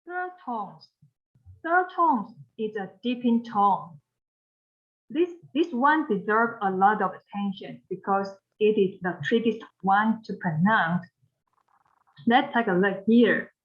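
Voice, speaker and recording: A woman with a Mandarin Chinese accent teaching pronunciation, speaking slowly, repeating phrases and modeling tones for learners to repeat. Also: medium pitch, lively intonation, highs cut off. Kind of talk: pronunciation lesson.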